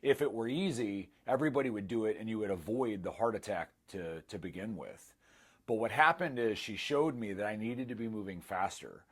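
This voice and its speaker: A man's voice: on the low side, a little fast, husky. A man in his thirties giving a candid, self-mocking testimonial in casual storytelling style. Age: 30s. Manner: candid, self-mocking, acts out quoted dialogue. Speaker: former client giving a testimonial.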